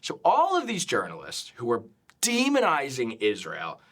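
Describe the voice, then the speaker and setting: A young American man, a comedian, telling stories in a casual interview, lively, often restarting his sentences. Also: mid-range voice, moderate pace. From United States. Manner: animated, frequent restarts, mimics other people's voices in quotes. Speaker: comedian and social media creator, interview guest.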